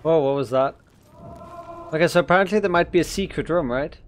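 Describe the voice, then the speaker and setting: A man giving casual gameplay commentary in an excitable, jokey way. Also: fairly high pitch, brisk, a little hiss or hum. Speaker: gamer.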